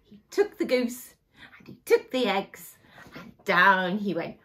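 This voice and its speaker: A woman teacher telling a fairy tale to young children, with dramatic, hushed moments. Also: mid-range voice, slow. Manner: expressive, dramatic, hushed asides.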